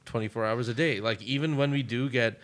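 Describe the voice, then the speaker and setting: A man in casual podcast chat, telling stories with lively, swearing asides about restaurant work. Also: medium pitch, a little fast. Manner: animated storyteller, swears casually.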